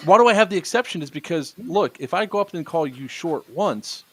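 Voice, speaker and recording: A man's voice: a little high, lively intonation, a little fast. A man hosting a casual podcast chat, telling a story loosely with plenty of swearing. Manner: storytelling with profanity and laughs. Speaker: podcast host.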